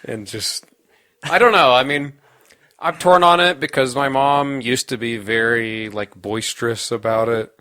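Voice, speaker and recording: A man's voice: medium pitch, measured pace, bright, forceful tone. A young man co-hosting a podcast in casual chat, laid-back, laughing often and trailing off mid-thought. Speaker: podcast co-host.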